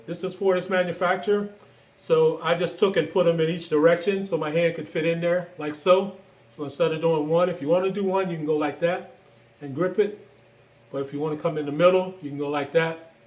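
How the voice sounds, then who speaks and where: A man casually walking through the parts of his build, relaxed and enthusiastic, with frequent fillers. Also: fairly high pitch, echoey room. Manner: relaxed, filler-heavy, enthusiastic about gear. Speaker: gun build reviewer. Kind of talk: casual show-and-tell walkthrough.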